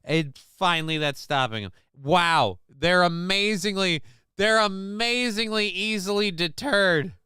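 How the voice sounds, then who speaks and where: A man's voice: high voice, a little slow, pushed and bright, clean tone, no room sound, studio quality. A man hosting a live-stream show, reading chat messages aloud and riffing with crude, sarcastic, rambling commentary.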